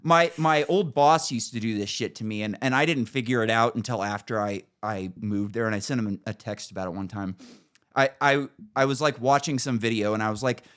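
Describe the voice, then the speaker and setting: A man's voice: mid-range voice, brisk, a bit bright, clear, resonant tone. A man hosting a podcast, telling a story in a casual, profane, rambling way with frequent restarts. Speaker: podcast host.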